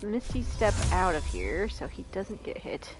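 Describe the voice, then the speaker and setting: A woman's voice: mid-range voice, sing-song, a little slow, music in the background. A woman streaming a video game, chatting casually, laughing often and reading lines aloud. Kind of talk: casual gameplay commentary.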